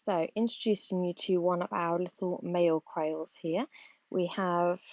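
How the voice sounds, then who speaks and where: A woman's voice: on the low side, fairly even intonation, measured pace, darkish tone, soft background music. A British woman vlogging in her back garden, chatting and rambling as she explains her chores, recorded on a phone she holds while working. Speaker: vlogger and backyard poultry keeper. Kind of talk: casual chatty vlog. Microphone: phone held while working.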